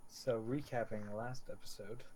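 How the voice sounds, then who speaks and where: A man's voice: on the low side, fairly even intonation, normal speed. A man acting as game master, recapping and narrating scenes for his players. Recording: noisy livestream audio.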